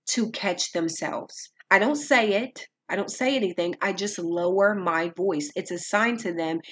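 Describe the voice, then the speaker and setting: A woman giving calm, earnest faith-based advice on dealing with difficult people, in a measured teaching manner. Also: fairly low pitch, breathy edge. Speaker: Christian speaker.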